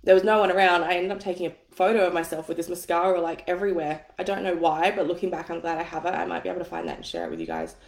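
A woman's voice: lowish voice, racing, hardly any pauses. A woman, coaching on money mindset and telling a personal story in a candid, chatty way, swearing casually. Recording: echoey room.

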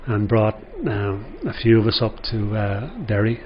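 A man's voice: lowish voice, little pitch movement, unhurried, lo-fi sound, a little hiss or hum. An older Irish man, a former footballer, telling rambling anecdotes in an interview with lots of "you know". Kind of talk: storytelling interview.

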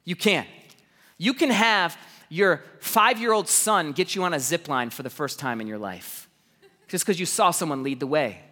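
Animated pastor, bright forceful voice. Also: male voice, on the high side, moderate pace, in a large hall. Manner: energetic and animated, storytelling with repeated words and laughs. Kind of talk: sermon.

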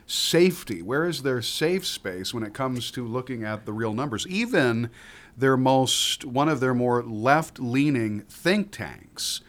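A man hosting a political talk panel, pressing his points with emphatic repetition. His voice sits at an ordinary middle pitch, and he keeps a steady conversational delivery. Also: measured pace. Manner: emphatic, repeats phrases for weight. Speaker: podcast host. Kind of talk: political talk show discussion.

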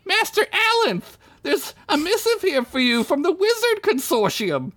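A man's voice: very high voice, sing-song, unhurried, fairly bright tone, voice pushed up, full character voice. A man voicing an eager, breathless young serving boy. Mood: urgent. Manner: eager, urgent.

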